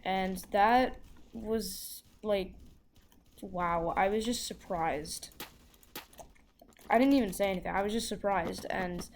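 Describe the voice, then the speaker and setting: A woman tells a story in a loose, rambling way, with lots of "like" and false starts. Her voice sits at an ordinary middle pitch. A faint hiss runs underneath. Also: takes it slowly, pauses often. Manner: rambling, full of "like" and restarts. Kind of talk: casual storytelling.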